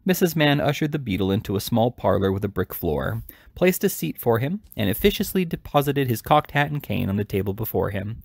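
A man's voice: medium pitch, big pitch swings, a little fast, creaky, slightly rough, no room sound, studio quality. A man reading a classic novel aloud, stumbling and restarting words now and then. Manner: frequent slips and restarts mid-word. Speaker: reader.

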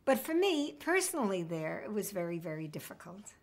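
A woman's voice: mid-range voice, sing-song, fairly quick. A woman, reminiscing in an oral history interview with a wry sense of humor. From United States.

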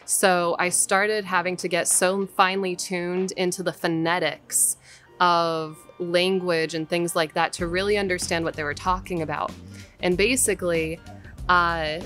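A woman voice actor talking casually and explaining how she takes direction, careful and measured. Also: on the low side, a bit bright. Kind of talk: casual advice talk. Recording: faint background music.

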